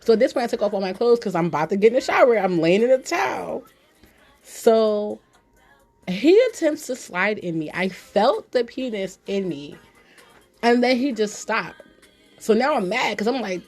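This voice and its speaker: A woman's voice: on the high side, big pitch swings, unhurried, darkish tone, faint music behind. Woman, twenties, podcast host, frank profane storytelling, laughs a lot. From Philadelphia. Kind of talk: casual storytelling chat.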